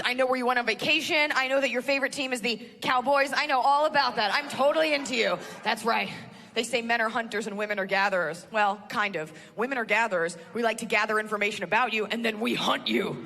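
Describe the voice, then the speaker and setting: A woman's voice: fairly high pitch, sharp tone. Conspiratorial woman comic in echoey hall. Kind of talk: stand-up routine. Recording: echoey hall with faint noise.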